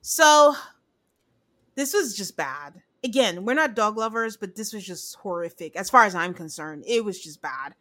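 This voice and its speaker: Woman, podcast co-host, casual chat, animated storytelling, mid pitch. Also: normal speed. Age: adult. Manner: chatty, animated retelling with quoted voices.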